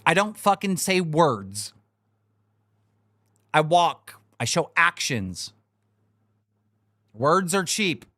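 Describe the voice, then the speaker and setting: A man's voice: a little high, very animated, very slow, long pauses, pushed and bright, no room sound, studio quality. Blunt, profane male stream host. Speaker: livestream show host. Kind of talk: casual livestream talk.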